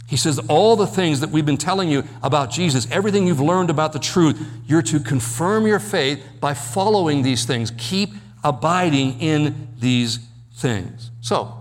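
Man, pastor, teaching sermon, slightly high voice, long hall reverb. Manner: teaching, explains Greek words and verses step by step. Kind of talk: expository sermon.

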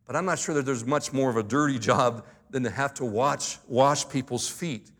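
A pastor delivering a sermon. He speaks earnestly and emphatically, slowing down to stress key words, and adds light humorous asides. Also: medium pitch, fairly bright tone.

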